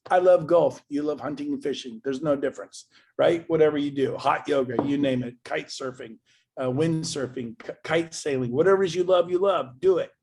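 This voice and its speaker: A man speaking to an event audience as a motivational speaker, emphatic and swinging from loud bursts to quiet asides. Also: a little high, brisk, vocal fry, husky.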